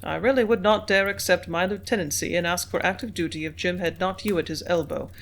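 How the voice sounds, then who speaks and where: An audiobook reader voicing a measured, business-minded male company manager who speaks in calm, dictating tones. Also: medium pitch, creaky, a little hiss or hum.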